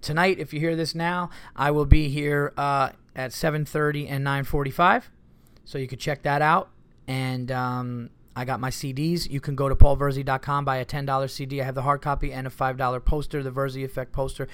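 A man's voice: mid-range voice, little pitch movement, brisk, hardly any pauses, fairly bright tone, clean tone. A man hosting a solo podcast, rambling casually, cursing often and getting exasperated. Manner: rambling, profane, easily exasperated. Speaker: comedian podcast host.

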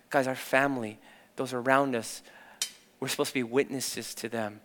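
A man's voice: mid-range voice, steady tone, moderate pace, fairly bright tone. A young adult man preaching a sermon as a youth pastor, telling stories candidly and with animation. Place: church. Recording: long church-hall reverb.

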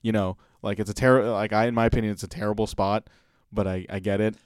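A man co-hosting a casual podcast chat, rambling and stumbling over his words as he gets animated. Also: lowish voice, fast, clear, resonant tone, no room sound, studio quality. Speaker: podcast co-host.

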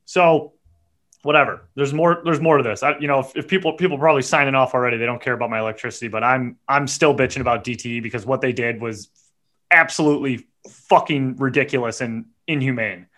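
A man hosting a podcast, telling a story in a profane, animated rant and muttering quick asides. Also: medium pitch. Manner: animated and profane, voice jumps up when acting out his own yelling. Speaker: podcast host.

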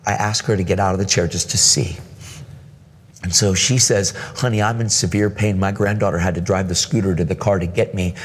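Guest preacher, male, low-pitched, animated storyteller in a reverberant church with music under him. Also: fairly quick, breathy edge. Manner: animated storyteller, acts out voices, says dude and man. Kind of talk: sermon storytelling. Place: church hall.

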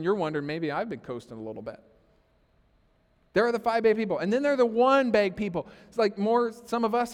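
High-voiced pastor preaching in a reverberant hall. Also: male voice, smooth. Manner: conversational, often asks "okay?" with sarcastic asides. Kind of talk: sermon. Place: church sanctuary.

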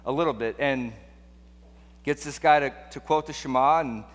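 A man's voice: mid-range voice, moderate pace. Preacher man in a reverberant hall. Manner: conversational, rhetorical questions, restarts. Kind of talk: sermon.

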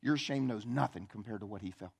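A man preaching a church sermon, swinging between quiet, intimate asides and loud, emphatic peaks. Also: on the low side, brisk, vocal fry, husky. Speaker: pastor. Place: church sanctuary.

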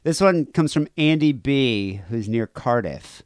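A man's voice: medium pitch, expressive, unhurried, no room sound, clean studio sound. A man hosting a podcast in casual chat, rambling and crude, reading listener emails aloud. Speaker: podcast host.

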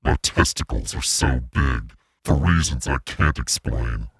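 A cartoonishly macho voice, rumbling far below his own register and dragged out slowly. The sound is gravelly and husky, and recorded dry and close. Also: no echo, heavily acted. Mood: mock macho. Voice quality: gravelly, very deep and slow. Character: comically macho deep-voiced man.

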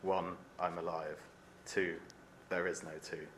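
A man reading as a teenage boy trapped alone in the dark, in a solemn, measured reading voice with no put-on accent. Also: low voice, little pitch movement, a little hiss or hum. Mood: haunted. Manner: solemn, measured reading in his own unaccented voice. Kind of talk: reading aloud from a novel.

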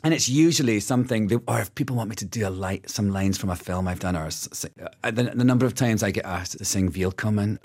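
A Scottish man chats as a guest in a lowish voice. He is playful and animated, often cutting himself off and starting over. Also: quick pace, few pauses. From Scotland. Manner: animated, playful, self-interrupting. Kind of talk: casual interview chat.

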